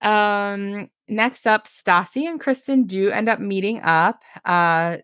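A woman's voice: mid-range voice, slow, a bit bright, dry recording, clean studio sound. A woman co-hosting a casual podcast, recapping a reality show, chatty and laughing often as she retells scenes.

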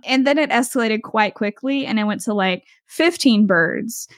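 A young woman telling a story in casual podcast chat, animated, laughing often and full of fillers. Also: on the high side, normal speed, hardly any pauses, dry recording, clean studio sound. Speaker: podcast host.

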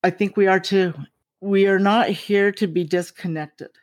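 Slow, reflective woman host. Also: medium pitch, steady tone. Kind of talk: casual conversation.

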